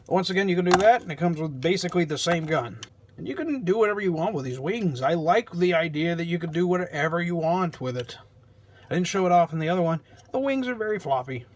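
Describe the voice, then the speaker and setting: A man's voice: on the high side, expressive, quick pace. Rambling sarcastic toy reviewer, man. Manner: rambling, self-deprecating and sarcastic. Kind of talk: casual toy review vlog.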